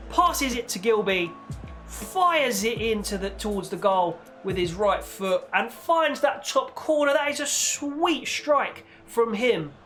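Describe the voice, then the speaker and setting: A young man commentating on his own football video game match, chatty with viewers and bursting into shouts when his team scores. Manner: excitable, shouts and leaps in pitch on goals; chatty, talks to viewers as "guys" and "boys". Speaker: gaming YouTuber.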